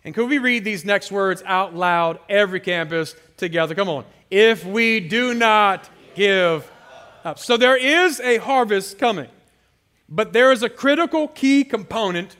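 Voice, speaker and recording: A man with a high, bright voice delivers an animated sermon. He tells playful stories and calls on the crowd to shout back to him. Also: measured pace. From San Francisco area. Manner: animated, playful storytelling with call-and-response. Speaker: guest pastor.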